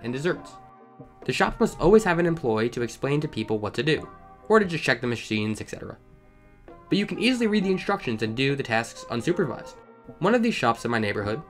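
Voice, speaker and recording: A man reads online stories and riffs on them with animated, ranting humor. He talks at a quick clip, and soft background music runs beneath his voice. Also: mid-range voice. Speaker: storytime channel host. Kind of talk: reading online stories with comedic commentary.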